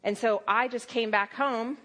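A young adult woman preaching a sermon, telling stories with lively quoted asides. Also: a little high, measured pace.

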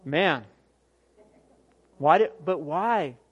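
Male pastor, 30s, preaching, slightly high voice, emphatic swings loud to soft. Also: expressive, drawn-out words, husky, muffled recording. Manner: emphatic preaching, rising to near shouts then dropping soft; repeats "guess what" and laughs at his own jokes. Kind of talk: sermon.

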